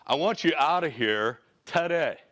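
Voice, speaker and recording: An irate property owner snaps short, hostile orders in a raised, louder voice, put on by a man retelling an encounter. The delivery is blunt and loud. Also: on the high side, lively intonation, a little slow, pitched above the performer's own voice. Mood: angry. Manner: barking, hostile. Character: irate middle-aged male property owner.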